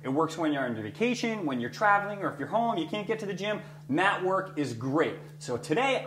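Upbeat male fitness trainer, slightly high voice, a bit breathless while demonstrating moves; echoey room, faint hum. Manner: energetic coaching, talks while exercising. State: breathing heavily. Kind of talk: exercise demonstration.

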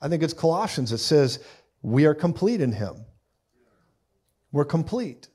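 A man's voice: fairly high pitch, sing-song, measured pace, darkish tone, slightly rough. A man preaching a live sermon in a conversational style, with frequent asides and quoted voices.

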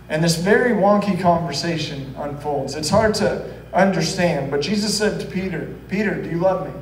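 A man's voice: sits high, reverberant, distant mic, a little hiss or hum, low-quality recording. A man preaching a sermon as pastor, telling the story earnestly and acting out the quoted voices. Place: church hall.

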